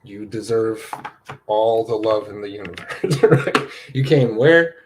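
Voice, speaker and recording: A man hosts a spiritual card-reading session in loose, casual chat, keeping his voice on the low side. He rambles, gets excited, and tosses in "you know" and "right?" constantly. A faint hum sits behind him. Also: measured pace.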